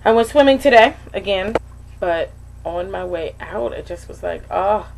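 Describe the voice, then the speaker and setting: A woman's voice: medium pitch, animated, normal speed, creaky, slight background noise, rough recording. A woman recording a candid personal video diary, talking frankly and emotionally, rambling with many fillers. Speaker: vlogger.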